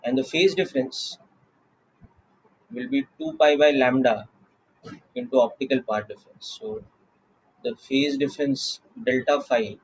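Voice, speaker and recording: A man with an Indian English accent teaching a physics class, explaining slowly and checking in with "okay" often. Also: medium pitch, animated, creaky, husky, dull audio. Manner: slow, deliberate explaining with frequent "okay" checks. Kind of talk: classroom lecture.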